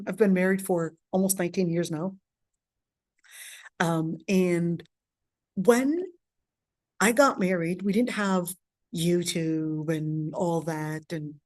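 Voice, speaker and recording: A woman's voice: fairly low pitch, a little mellow, dry recording, studio quality. A woman from Palestine, in her thirties, giving a casual lecture with personal anecdotes, chatty with frequent restarts and asides.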